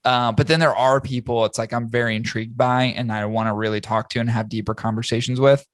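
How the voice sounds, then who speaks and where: A man's voice: mid-range voice, fast, no echo, clean studio sound. A man hosting a casual podcast chat, swearing freely and telling stories with lots of energy. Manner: profane, animated storytelling. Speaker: podcast host.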